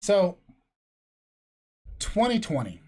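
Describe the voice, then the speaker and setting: A middle-aged man hosts a casual podcast from a room at home, telling rambling, profane stories. His voice sits a little high for a man. He talks from a separate room from his co-host. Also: huge pitch swings, drawn-out words, a little mellow.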